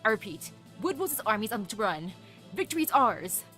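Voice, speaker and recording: A woman's voice: medium pitch, big pitch swings, normal speed, pushed and bright, faint music behind, voice pushed down. Woman voicing an earnest young knight. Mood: announcing. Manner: solemn, announcing. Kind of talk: reading game dialogue aloud.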